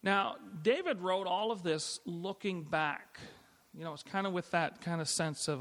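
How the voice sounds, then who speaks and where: A man's voice: high voice, measured pace, a bit bright. A middle-aged man preaching a sermon as pastor, in a conversational way with frequent restarts and light laughs. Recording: long hall reverb.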